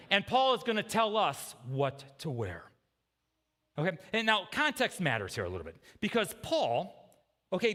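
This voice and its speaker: Lively high-pitched preaching man, church reverb. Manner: conversational preaching with frequent "okay?" and "right?" asides. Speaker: pastor. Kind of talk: sermon. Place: church sanctuary.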